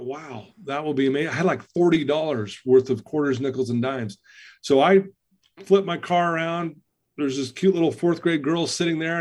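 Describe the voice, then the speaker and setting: Earnest man telling a personal story. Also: on the high side. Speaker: podcast guest. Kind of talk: storytelling in an interview.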